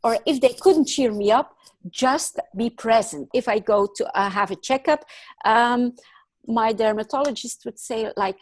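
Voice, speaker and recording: A woman's voice: fairly high pitch, unhurried, dry recording. A woman in her thirties, a guest in an interview, telling a personal story in an earnest, reflective way with many fillers.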